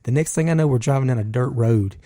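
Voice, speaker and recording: A man co-hosting a podcast, telling a long, animated story. His voice jumps up whenever he quotes himself. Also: mid-range voice, fast talker, no echo, studio quality. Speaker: podcast co-host. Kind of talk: casual storytelling chat.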